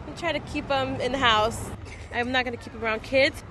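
Young mother in her 20s, high voice, casual and worried, loud music behind. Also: steady tone, fairly quick. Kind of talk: interview answers.

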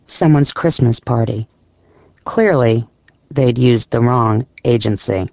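A man narrating an audiobook story in a measured, descriptive storytelling manner. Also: mid-range voice, creaky, a little mellow, no echo. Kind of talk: scripted narration.

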